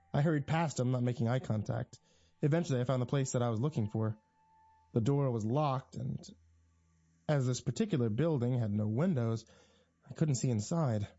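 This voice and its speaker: Husky man narrating a horror story. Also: mid-range voice, warm tone, dry recording, dull audio.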